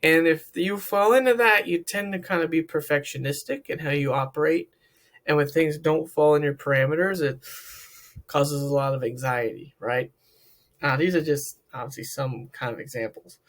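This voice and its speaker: A man's voice: on the high side, moderate pace, fairly bright tone. A man working as a therapist, giving a reflective talk to camera, asking many questions and often repeating words. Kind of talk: talk to camera about emotional health.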